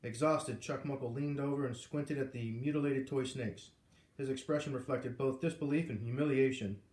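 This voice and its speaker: A man reading a chapter of a novel aloud in an even, measured storytelling manner. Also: mid-range voice. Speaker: reader. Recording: roomy echo.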